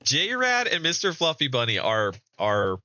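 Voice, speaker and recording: Male streamer, bright tone, amused casual commentary with frequent chuckles. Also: a little high, huge pitch swings, a little slow. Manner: amused, chuckles often, reads out chat.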